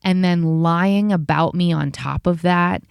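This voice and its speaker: Heated, fast-ranting woman with a low voice. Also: creaky, clear, resonant tone, no echo. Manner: heated, profane, rapid-fire venting. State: tired after a work day. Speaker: podcast host. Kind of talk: casual podcast rant.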